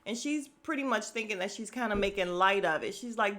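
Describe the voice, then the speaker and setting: A woman's voice: medium pitch, a little fast, fairly bright tone. A young woman hosting a casual podcast, animatedly recapping a reality show, laughing, swearing and mimicking the cast. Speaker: podcast host.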